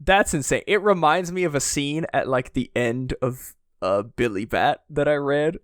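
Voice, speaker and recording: A man's voice: a little high, normal speed, no echo, studio quality. A young man co-hosting a podcast in casual chat, telling stories with lots of "like" and bursts of disbelief. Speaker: podcast co-host. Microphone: podcast microphone.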